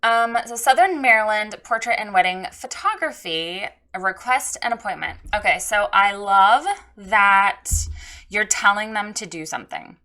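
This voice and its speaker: A woman's voice: mid-range voice, animated, normal speed, bright, forceful tone. A woman coaching a photographer on her website in a casual spoken critique, frank and direct.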